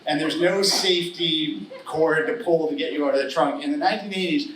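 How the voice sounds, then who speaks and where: A man's voice: on the high side, brisk, hardly any pauses, a bit bright, a little hiss or hum. A middle-aged man telling a true story at a live story slam, wry, earnest and humorous. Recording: roomy live hall, distant mic.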